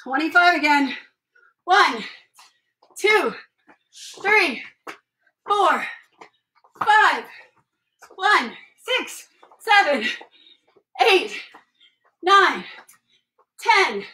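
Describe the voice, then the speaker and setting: A woman leads a home workout, a mother counting reps and calling out stretches with cheerful encouragement. Her voice sits high and bright. She is recorded from across an echoey room at home, set back from the camera. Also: sing-song, extremely slow, pauses often, a little hiss or hum. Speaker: mother leading a family workout. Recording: echoey room, voice from far off the mic.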